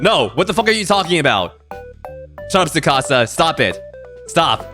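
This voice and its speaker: A man streaming a video game, giving animated, swear-heavy commentary with frequent reactions. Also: on the high side, normal speed, pauses often, soft background music. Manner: animated, swears and laughs often. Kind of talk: casual let's-play commentary.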